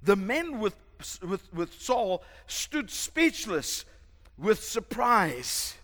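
A male pastor preaching a sermon, emphatic and dramatic, shouting at the peaks. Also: high voice, very animated, extremely slow. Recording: long hall reverb.

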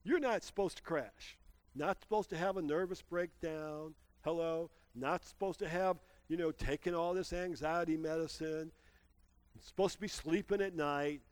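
A middle-aged male pastor telling a lively personal story in a sermon, exclaiming and calling out to the congregation. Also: on the high side, moderate pace, no echo. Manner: animated storyteller, exclaims and laughs, calls out to congregation.

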